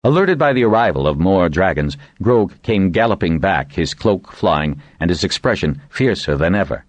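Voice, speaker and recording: A man narrating an audiobook as scripted narration, with lively intonation. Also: normal speed, dry recording. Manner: reads with lively, varied intonation and raises his pitch for voiced quotes.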